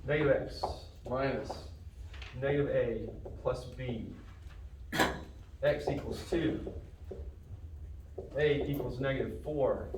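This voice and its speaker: A man's voice: mid-range voice, takes it slowly, pauses often, recorded from a distance. A male math teacher leads a classroom lesson, patiently asking questions and checking that his students follow along. He is heard from across an echoey room. A faint hiss of room noise sits behind him.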